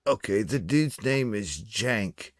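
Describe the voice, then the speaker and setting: Male co-host, animated pitch, excitable and foul-mouthed, dry close sound. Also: slow, dry recording. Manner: excitable, profane, blunt. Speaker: podcast co-host. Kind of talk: casual podcast chat.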